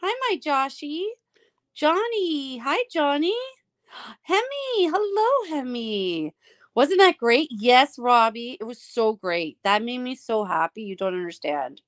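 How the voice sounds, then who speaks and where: A woman's voice: fairly high pitch, lively intonation. A woman hosting a casual live stream, gushing and affectionate as she greets her viewers one by one by name. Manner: drawn-out, easygoing talk.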